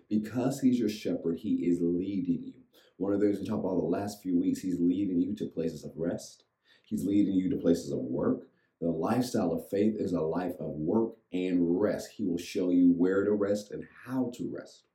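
Male pastor, low dark voice, rhythmic call-and-response sermon, echoey room. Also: normal speed. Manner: rhythmic repetition, leads audience in reciting.

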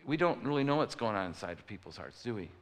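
A man's voice: fairly low pitch, big pitch swings, quick pace. A man preaching a sermon, telling stories and acting out the people in them. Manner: storytelling preacher, acts out voices. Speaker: pastor. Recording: long reverb of a large hall.

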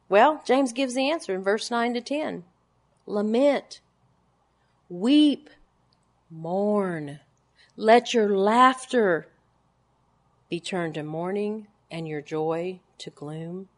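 A women's Bible teacher in her forties preaches to a gathering of women, driving her points home with forceful, repeated words before sinking into quiet, low lines. She speaks slowly and pauses often.

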